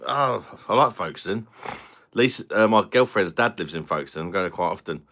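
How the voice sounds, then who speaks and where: A man's voice: low voice, expressive, brisk, fairly bright tone. A man from London with a British accent, chatting casually on a live stream and answering viewer comments. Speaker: beer review channel host.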